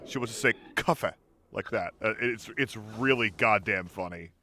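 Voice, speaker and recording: A man's voice: on the low side, normal speed, sharp tone. A man streaming a video game, chatting casually and rambling, often repeating words. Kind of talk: casual chat while gaming. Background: game music.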